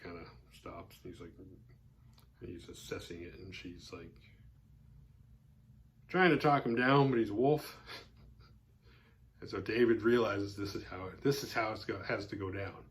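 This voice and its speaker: A man with a somewhat low voice talks his way through a horror film's plot as a podcast host. His telling is loose and casual, full of "like" and restarts. He drops in a dry, amused comment here and there. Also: slight background noise. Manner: rambling, loose retelling full of "like" fillers. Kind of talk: casual spoken film recap.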